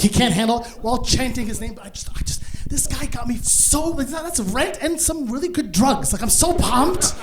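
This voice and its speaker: Man telling stand-up stories, shouting punchlines. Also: extremely high pitch. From Africa. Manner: animated, escalating, bursts into shouts. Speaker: stand-up comedian. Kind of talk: live stand-up storytelling. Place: stage before a live audience.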